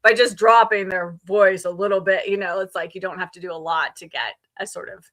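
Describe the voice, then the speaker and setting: Chatty bright-voiced woman host. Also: medium pitch, fairly even intonation, fairly quick. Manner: chatty, upbeat, laughs often. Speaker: livestream host. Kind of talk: casual chat.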